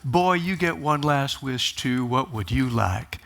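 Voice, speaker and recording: A man telling a joke, putting on the voice of a stern Texas jailer who speaks slowly and matter-of-factly. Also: medium pitch, expressive, fairly bright tone. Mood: gruff.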